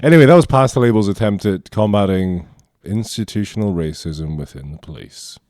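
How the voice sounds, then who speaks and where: A man's voice: on the low side, expressive, a little fast, a little mellow, no echo. A Northern Irish man co-hosting, commenting on his own comedy sketches in a dry, self-mocking way. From Northern Ireland. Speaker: co-host, comedy writer.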